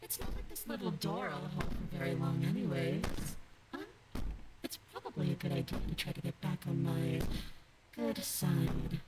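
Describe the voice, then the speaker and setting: An actress voicing a chained, vengeful young princess who threatens coldly and deliberately in a video game. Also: female voice, deep voice, big pitch swings, very noisy. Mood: menacing.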